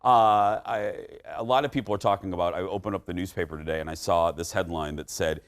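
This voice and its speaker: A man's voice: sits low, fairly even intonation. A man in his forties hosting a live morning talk show in an upbeat, chatty way. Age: 40s. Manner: upbeat and chatty, quick asides. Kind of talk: lively morning show chat. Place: TV studio with live audience.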